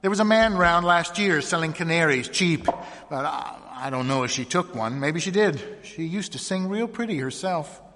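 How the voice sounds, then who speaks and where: A man reading a story aloud, voicing a steady farm wife in a mild, matter-of-fact way. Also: fairly high pitch, moderate pace, big-room sound, noisy background, pitched above the performer's own voice, natural voice. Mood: plain, mild.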